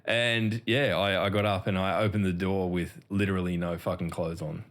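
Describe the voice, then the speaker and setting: A man's voice: low-pitched, flat delivery, moderate pace. A man with an Australian accent co-hosting a gaming podcast, swearing freely and laughing through his stories. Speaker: podcast co-host. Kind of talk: casual gaming chat.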